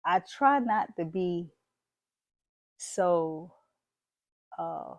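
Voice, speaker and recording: Animated yet very slow, a woman with a fairly low voice gives bold, preachy motivation straight to camera, dropping "y'all" and "baby." The recording is dry.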